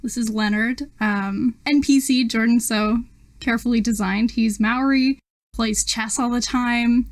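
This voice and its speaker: A woman's voice: on the high side, steady tone, measured pace. A young woman narrating a tabletop game as game master in a casual, loose style full of fillers.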